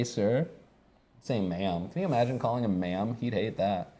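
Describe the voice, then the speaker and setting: A man's voice: on the low side, unhurried, dark tone. A young man rambling and joking in a casual comedic monologue while feeding animals.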